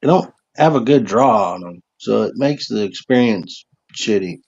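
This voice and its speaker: A man's voice: on the low side, animated, moderate pace, creaky, a little mellow, highs cut off. A man chatting casually on a call in a laid-back, swearing way. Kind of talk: casual chat.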